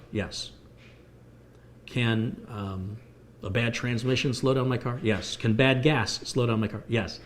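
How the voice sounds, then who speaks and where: An American man hosting a live computer repair stream, explaining hardware with everyday analogies as he answers viewer questions. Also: mid-range voice. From United States. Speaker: computer repair livestream host.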